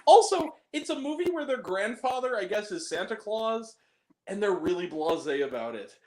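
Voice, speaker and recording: A man's voice: sits high, moderate pace, slight background noise. Guy ranting about a bad movie on a podcast, swears a lot, laughs a lot, voice jumps all over, roomy sound. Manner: animated, swears freely, laughs often. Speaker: podcast guest. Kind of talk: casual film review chat. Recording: roomy echo.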